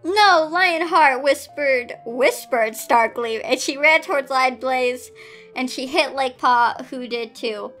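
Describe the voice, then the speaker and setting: A woman's voice: high-pitched, fairly even intonation, takes it slowly, a bit bright, faint music behind. A woman host reading a story aloud and breaking off with incredulous, laughing asides. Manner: incredulous, laughing asides between read lines.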